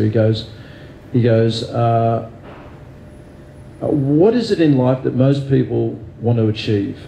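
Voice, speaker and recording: A man's voice: mid-range voice, creaky, warm tone, echoey room, a little hiss or hum, rough recording. An Australian man speaking as an interview guest, candid and self-deprecating, thinking aloud with fillers and restarts. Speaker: guest neurosurgeon.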